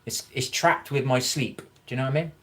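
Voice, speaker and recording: A man's voice: mid-range voice, brisk, a bit bright. A man chatting casually on a livestream, answering viewer comments in a rambling, frank way, swearing freely and encouraging his viewers.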